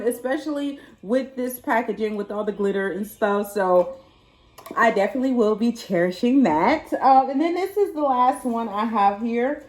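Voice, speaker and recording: A woman from Texas, chatting excitedly and laughing as she opens gifts on her vlog. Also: fairly high pitch, roomy sound. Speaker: vlogger. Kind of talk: casual unboxing chat.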